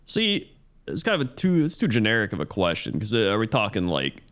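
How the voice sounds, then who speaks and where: A man's voice: lowish voice, huge pitch swings, a little fast, fairly bright tone. A man co-hosting a podcast in casual chat, laid-back and rambling, laughing often. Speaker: podcast co-host.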